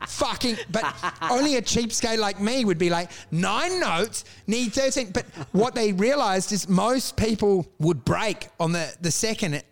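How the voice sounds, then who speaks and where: A man in casual chat, telling stories in an animated, profane way and laughing often. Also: high-pitched, moderate pace, few pauses.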